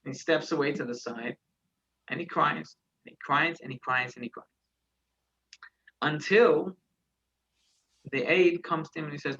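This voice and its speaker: A man's voice: fairly high pitch, a little slow, pauses often, a bit bright, husky, dull audio. A man, a rabbi, telling a story in a conversational Torah class, searching for words and restarting his phrases as he goes.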